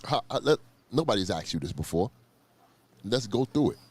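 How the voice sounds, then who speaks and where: A man's voice: lowish voice, very animated, moderate pace, breathy edge. A man hosting a casual sit-down interview, talking emphatically and repeating phrases for stress. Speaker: interview host.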